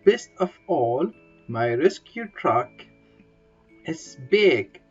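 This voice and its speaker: With big swings in pitch and a breathy edge, a woman slowly reads a bedtime story in simple broken English. She squeals and makes playful sound effects for the characters, and the recording is dull and lo-fi, with faint guitar music.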